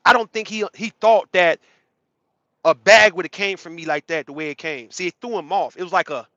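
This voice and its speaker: Streamer type: blunt, profane man, higher-pitched and punchy, dry close sound. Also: a little fast, bright, forceful tone, dry recording, lo-fi sound. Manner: blunt, slangy and profane, greets chatters mid-rant. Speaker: livestream host. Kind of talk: casual livestream talk to chat viewers.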